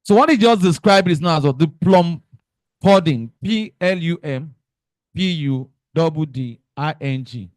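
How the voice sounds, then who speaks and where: Young Nigerian man, high voice, chemistry teacher, playful, drills students with questions. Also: measured pace, no echo. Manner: animated, joking, quizzing students with fill-in questions. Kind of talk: exam revision lesson.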